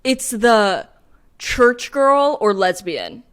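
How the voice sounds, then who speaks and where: A woman's voice: on the high side, big pitch swings, extremely slow, smooth. A woman co-hosting a podcast in playful, self-mocking casual chat. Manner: playful, self-mocking, does silly voices. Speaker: podcast co-host.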